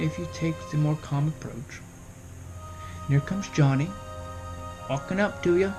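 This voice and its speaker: A man's voice: fairly high pitch, a little slow, pauses often, music in the background. A young man in his early twenties talking casually to camera, giving parenting advice and asking rhetorical questions. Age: young adult. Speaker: vlogger.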